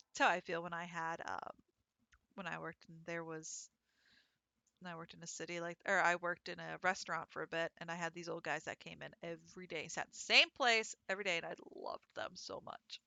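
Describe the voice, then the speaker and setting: A woman's voice: fairly low pitch, fairly even intonation, a little fast, gravelly, pushed and bright, dry recording. A woman streaming a visual novel, reading its text aloud and chatting between lines. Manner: chatty, reads dialogue aloud between asides. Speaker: gaming streamer. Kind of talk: let's play commentary, reading game text aloud.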